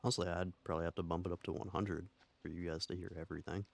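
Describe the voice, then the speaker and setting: Deep gravelly male game streamer. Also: little pitch movement, rapid-fire. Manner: joking, wry, laughs often. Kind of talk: casual gameplay commentary.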